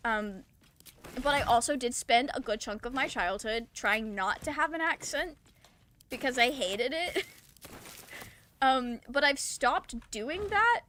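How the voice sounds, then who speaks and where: Streaming a game, a Southern-accented woman giggles and chats casually, full of fillers. Her voice is high, sharp-toned and lively in intonation, she talks slowly, and there's slight background noise.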